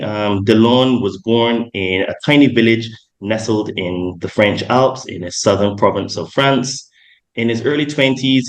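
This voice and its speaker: Rambling podcast host, low voice. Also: male voice, low-quality recording. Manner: rambling, many ums and self-corrections. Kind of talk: casual podcast interview.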